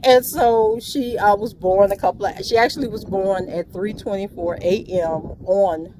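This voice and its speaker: A woman's voice: medium pitch, a little slow. A middle-aged woman rambling earnestly and prayerfully on a morning walk, talking into a handheld phone with many ums. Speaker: vlogger. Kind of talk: rambling walk-and-talk monologue. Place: outdoors on a morning walk by the bay. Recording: outdoor traffic and wind noise.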